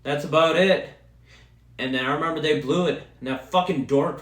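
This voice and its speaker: A young man hosting a podcast, ranting casually and profanely as an excitable sports fan. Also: a little high, moderate pace, echoey room. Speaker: podcast host. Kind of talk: casual solo rant.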